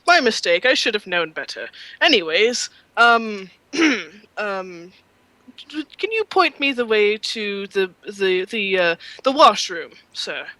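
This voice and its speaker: A player voicing a tipsy, dapper man at a ball, delivering his lines in a halting way with bursts of laughter. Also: medium pitch, sing-song, bright, forceful tone, dry recording, full character voice. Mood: fumbling. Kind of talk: playing a character in a tabletop game.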